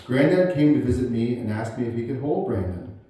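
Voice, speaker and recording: A man in his forties giving a eulogy for his grandfather, reading family memories aloud in a halting way with many fillers and chuckles. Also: medium pitch, expressive, mellow. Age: 40s. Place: large hall at a memorial gathering. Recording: very echoey hall, voice heard from far off, faint room noise.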